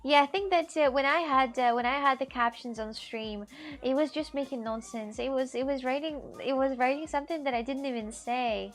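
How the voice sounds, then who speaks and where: A woman streamer chatting casually in halting, simple phrases, with a stuffy nose, sitting outdoors in a hammock. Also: sits high. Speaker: live streamer. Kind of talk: casual live-stream chat.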